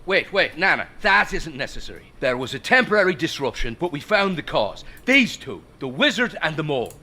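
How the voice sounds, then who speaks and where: Blustering security chief; high, lively, exasperated. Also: male voice, brisk, full character voice. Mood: pleading.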